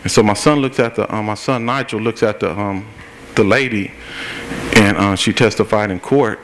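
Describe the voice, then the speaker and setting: A man's voice: on the low side, normal speed, a bit bright, slight background noise. A middle-aged man, an activist at a public forum, giving a plain-spoken personal account step by step and acting out what each person said. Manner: plain-spoken, recounts events step by step and acts out what people said. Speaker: activist speaking at a political forum. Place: forum meeting room.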